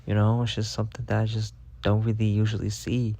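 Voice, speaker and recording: A young man telling a rambling, profane story in a casual monologue, packed with filler words and deadpan bragging. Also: lowish voice, a little fast, gravelly. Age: young adult. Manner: rambling, heavy on "like" fillers and swearing. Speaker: vlogger.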